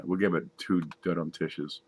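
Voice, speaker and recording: A man's voice: low voice, fairly even intonation, moderate pace, a little mellow, faint music behind. A man casually reading jokes aloud, laughing at his own punchlines and adding wry asides. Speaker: comedy joke reader.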